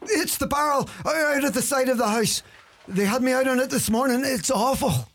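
A man's voice: very high-pitched, normal speed, a bit bright. A man playing a grumbling old Irish uncle. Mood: mischievous. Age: older. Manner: dry, grumbling wisecracks. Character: grumpy old Irish uncle, lazy and sly. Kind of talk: comedy sketch acting.

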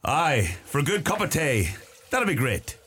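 An actor playing a polite son returning home. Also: male voice, a little high, sing-song, a little slow, a bit bright, husky, full character voice. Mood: warm.

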